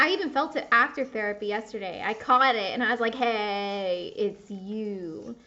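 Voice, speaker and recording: A woman's voice: a little high, quick pace, sharp tone. Candid young woman chatting, dull lo-fi sound. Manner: candid, rambling, swears at the game. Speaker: gaming video creator. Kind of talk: casual chat while playing a game.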